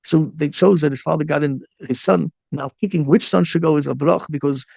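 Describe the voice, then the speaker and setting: A male rabbi preaching with feeling, his voice gravelly and mellow, sitting a little high for a man. He keeps circling back over his own phrases and drops in Hebrew and Yiddish words. The sound is close and dry. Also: brisk, dry recording. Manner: impassioned, repeats and restarts phrases; mixes in Hebrew and Yiddish terms. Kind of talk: storytelling sermon.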